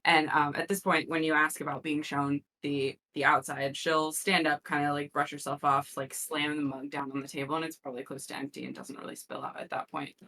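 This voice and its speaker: A woman with a low yet bright voice talks through her character at a tabletop game. She speaks casually, pausing on fillers as she pictures the scene. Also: flat delivery. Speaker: player.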